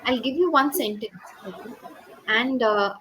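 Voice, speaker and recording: A woman's voice: a little high, lively intonation, unhurried, a bit bright, a little hiss or hum, rough recording. Indian woman tutoring on a video call. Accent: Indian English. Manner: encouraging, explains step by step. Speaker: English speaking tutor. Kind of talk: online speaking lesson.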